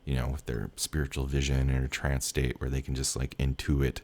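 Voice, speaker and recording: A young man with an extremely low, gravelly voice tells a personal story in a loose, rambling way. He talks candidly as a tarot reader, laughs often and swears freely. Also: completely flat delivery, brisk.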